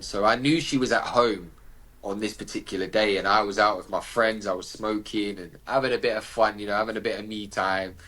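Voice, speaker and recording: A man's voice: on the low side, pushed and bright. A man with a British accent, a podcast guest telling a personal story in a vivid, slangy way and acting out the dialogue. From United Kingdom.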